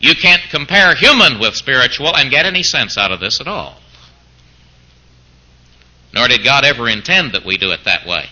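A man's voice: mid-range voice, very animated, moderate pace, long pauses, pushed and bright, rough recording. A man preaching a sermon who keeps throwing out mock-incredulous rhetorical questions, as if arguing back in the voice of a doubter.

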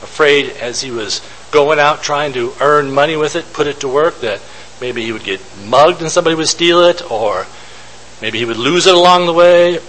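A man's voice: on the high side, normal speed, fairly bright tone, a little hiss or hum, poor audio. A man giving an informal Bible teaching, thinking aloud and posing rhetorical questions to his listeners.

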